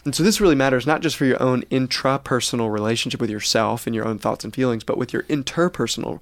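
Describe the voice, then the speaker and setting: A man's voice: medium pitch, fast, gravelly, dry recording. A man co-hosting a faith podcast, explaining ideas in an earnest, teaching way. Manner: earnest, explanatory, acts out quoted reactions. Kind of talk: reflective faith podcast talk.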